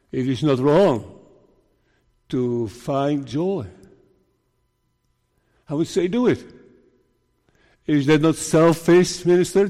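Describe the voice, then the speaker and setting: Slow, earnest preaching man in a hall. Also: a little high, dark tone. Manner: earnest preaching, slow deliberate delivery with emphatic rises. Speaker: minister. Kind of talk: sermon.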